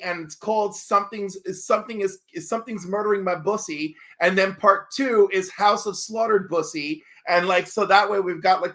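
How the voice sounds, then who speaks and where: A man guest in a casual chat, telling jokey stories in an animated way. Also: high voice.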